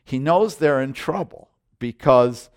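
A middle-aged man preaching with intensity, hammering his points through repetition and quick restarts. His voice sits in a middle pitch, and he delivers the sermon in an emphatic, direct way. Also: expressive, darkish tone, clear, resonant tone. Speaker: pastor.

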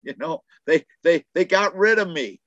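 A bitter, complaining devil, put on by a man in a whiny voice pitched well above his own. The grievance comes through in every line. The recording is dull and dry, with a muffled top end. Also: lively intonation, moderate pace, a bit bright, dry recording. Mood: aggrieved. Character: aggrieved male devil, bitter at being ousted.

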